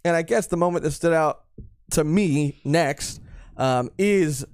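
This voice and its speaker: A man's voice: on the high side, measured pace, darkish tone, smooth, no room sound, studio quality. A young man co-hosting a podcast, chatting casually and jokingly with many fillers and restarts. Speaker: podcast co-host. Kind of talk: casual chat reviewing a manga.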